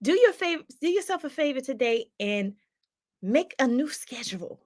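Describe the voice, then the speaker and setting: A woman life coach hosting a live stream, reading out viewer comments in a lively, laughing, preacherly way. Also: sits high, moderate pace, no room sound, studio quality. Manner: animated, laughs often, preacherly call-and-response.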